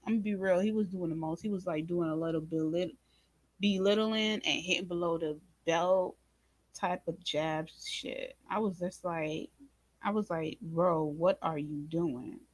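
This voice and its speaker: A woman hosting a casual recap of a drama episode, speaking to viewers in an informal, expressive way and acting out her own reactions. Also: on the low side, moderate pace, no echo. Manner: animated, talks to viewers as "y'all" and "baby"; acts out her own reactions in quoted asides. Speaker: reaction channel host.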